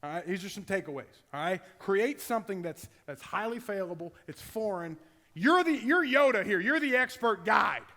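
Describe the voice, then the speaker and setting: A middle-aged man, a football strength coach, giving an energetic conference talk, acting out his players' voices and bursting into shouts. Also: high-pitched, normal speed. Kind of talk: conference presentation. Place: large conference hall. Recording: long hall reverb.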